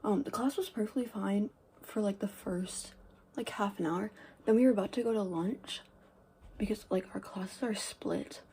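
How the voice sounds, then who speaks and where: A teenage girl rambling through a casual get-ready-with-me story, full of "like" and "um", with quiet asides. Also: mid-range voice, moderate pace, slight background noise. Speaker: vlogger.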